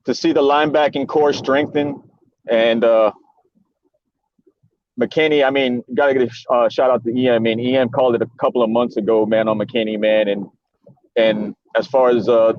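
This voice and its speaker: A man's voice: mid-range voice, no room sound, dull audio. A man talking as a guest on a casual sports podcast, rambling and circling back with lots of fillers.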